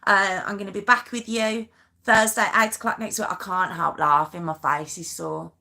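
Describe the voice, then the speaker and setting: A woman's voice: medium pitch, fairly even intonation, moderate pace, creaky, bright, forceful tone. A woman hosting a live stream, chatting casually with viewers in a giggly, self-mocking, rambling way. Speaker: true crime live-stream host.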